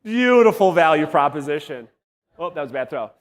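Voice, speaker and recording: A man coaching real estate agents at a live workshop, energetic and blunt, swearing and quizzing the audience, his voice wearing out. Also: fairly high pitch, fairly quick. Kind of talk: live workshop teaching to a room. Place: large room with live audience. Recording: long hall reverb.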